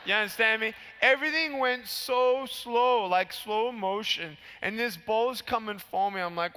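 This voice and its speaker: Animated motivational speaker in a big hall. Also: male voice, high voice, unhurried, hardly any pauses, smooth. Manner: animated storytelling, acting out scenes. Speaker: keynote speaker. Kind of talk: motivational keynote speech. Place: large convention hall. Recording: long hall reverb from PA.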